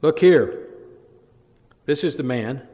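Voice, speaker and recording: Man doing insistent Roman governor, raised pleading delivery, mid pitch, long hall reverb. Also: expressive, slow, dark tone. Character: Roman governor, male, middle-aged, insistent.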